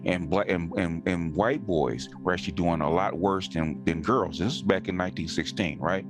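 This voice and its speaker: Deep-voiced man, insistent, music beneath. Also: moderate pace. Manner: emphatic, insistent, leans on repeated words. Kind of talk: casual conversation.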